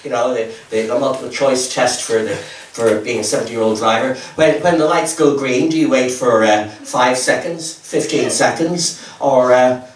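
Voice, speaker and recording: Rambling older comic, roomy and distant. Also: male voice, medium pitch, moderate pace, hardly any pauses. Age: 70s. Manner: rambling, stammering, self-mocking. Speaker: stand-up comedian. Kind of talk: stand-up comedy set. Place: comedy club stage. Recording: roomy live audio from far off. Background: audience laughter.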